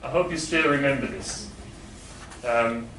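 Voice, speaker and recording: A man's voice: medium pitch, a little slow. A man teaching an English grammar lesson to a classroom, patiently explaining and asking the class questions. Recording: echoey classroom, far from mic, background noise.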